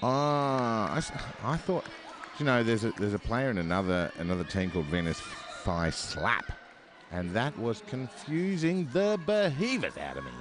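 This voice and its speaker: A man's voice: medium pitch, very animated, moderate pace. A man with an Australian accent doing live commentary on a roller derby bout, chatty and rambling, with plenty of fillers and self-deprecating asides. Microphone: headset.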